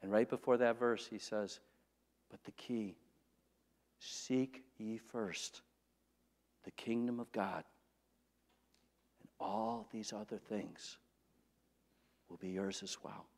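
A male pastor preaching a sermon, telling a story and swinging between loud and quiet passages. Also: fairly low pitch, steady tone, slow pace, long pauses, big-room sound. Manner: storytelling, rising and falling in loudness. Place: church sanctuary.

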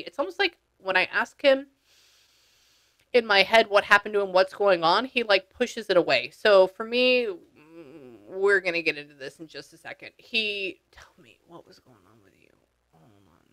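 A chatty woman with a bright, forceful voice talks casually through a reading. She relays quoted lines in a loose, slangy way and swears now and then. Her pitch sits in an ordinary middle range. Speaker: psychic medium. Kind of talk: casual session talk.

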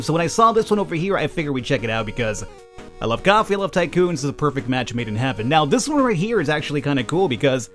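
A man hosting a let's play, commenting on a game in an animated, joking way and laughing often. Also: fairly high pitch. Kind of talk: gameplay commentary.

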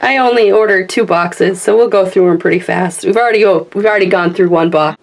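A woman with a cold-worn, hoarse voice co-hosting a toy review, giving short, laughing replies. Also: medium pitch, a little fast, poor audio. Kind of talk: casual chat.

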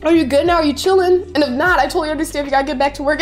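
Her voice is extremely high and she talks at a racing clip over soft background music. She's a young woman in her twenties on a casual livestream, reading viewer messages aloud in a bubbly, gushing way, full of squeals and laughter.

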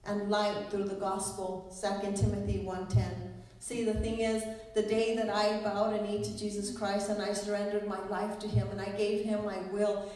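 A woman's voice: medium pitch, darkish tone. A woman pastor preaching a sermon in a church, quoting scripture in an earnest storytelling way. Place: church sanctuary. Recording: echoey hall, voice from a distance.

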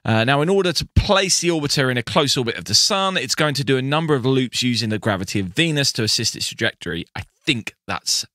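A man's voice: medium pitch, animated, fast talker, few pauses, bright, forceful tone, no room sound, clean studio sound. A British man co-hosting a podcast, chatting casually with frequent restarts. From Britain. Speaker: podcast co-host. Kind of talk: casual chat.

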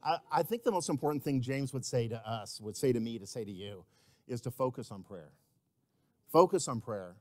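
A man preaching a sermon as pastor, swinging between loud emphatic repetition and quiet, intimate asides. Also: medium pitch, animated, brisk, dry recording, studio quality. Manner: repeats key words for emphasis.

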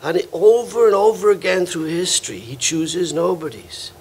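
Older Welsh-born male preacher, slightly high voice, anecdotal sermon style. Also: normal speed, husky. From Wales. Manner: storytelling, warm anecdotes with acted quotes. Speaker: visiting preacher. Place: church hall.

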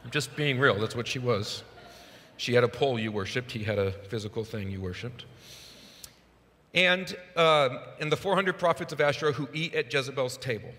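A male pastor delivers a sermon with loose, conversational energy. His tone is bright and cutting, and a long reverb from the church sanctuary trails after him. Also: medium pitch, moderate pace. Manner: casual, conversational, animated.

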